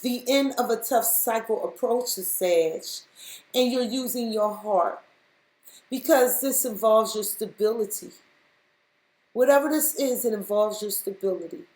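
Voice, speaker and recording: A woman's voice: medium pitch, darkish tone. A woman giving a spiritual tarot reading, speaking straight to the listener and repeating her points with emphasis. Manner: repetitive, emphatic, addresses listener directly. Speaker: tarot reader. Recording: roomy echo.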